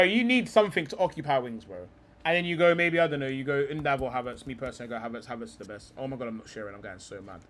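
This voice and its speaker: A man's voice: medium pitch, a bit bright. A young man hosting a live stream, talking football in a rambling, heated way, swearing often and calling people bro.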